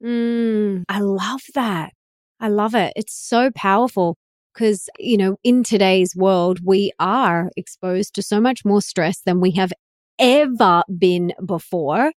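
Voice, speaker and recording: A woman's voice: mid-range voice, slow, no room sound. Enthusiastic woman podcast host, dry sound. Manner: warmly enthusiastic, affirming. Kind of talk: casual conversation.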